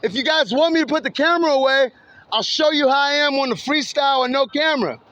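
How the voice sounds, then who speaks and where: A man with a very high, bright, lively voice talks outdoors beside a road at night, taunting people in passing cars. He mocks, swears and laughs as he goes. The phone recording is dull and lo-fi, with faint street noise and passing vehicles behind him. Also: quick pace. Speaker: vlogger filming passing cars. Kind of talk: casual taunting street monologue. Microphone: handheld camera or phone.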